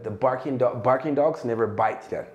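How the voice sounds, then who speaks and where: A man with an Amharic accent teaching English in a lively, conversational way, acting out example phrases. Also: mid-range voice, fast talker, lo-fi sound. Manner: animated, acts out example phrases. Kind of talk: bilingual conversational lesson. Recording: echoey room.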